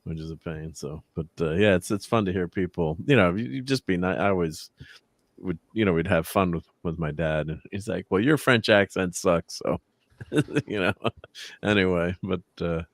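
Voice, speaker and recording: A man with a very deep voice chats casually and chuckles often. He reads viewer comments aloud between stories. The recording is close and completely dry. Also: moderate pace, no echo. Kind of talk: casual chat.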